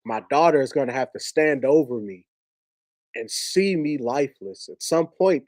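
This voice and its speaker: Recorded on a podcast studio mic with no room sound, a male podcast guest shares a personal story earnestly, conversationally, and with emotion. His voice is medium-pitched and a little mellow.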